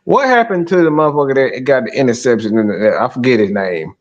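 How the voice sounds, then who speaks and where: A man's voice: mid-range voice, fast, highs cut off. Emphatic man in a profane rant. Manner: emphatic, profane, lively rants. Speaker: podcast co-host. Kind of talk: casual live-stream sports talk.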